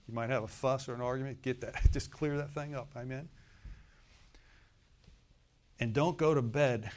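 A man, a pastor, preaching a sermon in a folksy way, speaking straight to the congregation and swinging from loud emphatic bursts to soft murmured asides. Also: mid-range voice.

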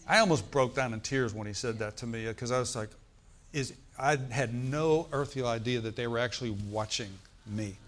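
A man's voice: medium pitch, moderate pace, fairly bright tone. A middle-aged male preacher, telling a story and calling out to the congregation in a sermon. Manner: storytelling, asks the congregation for responses.

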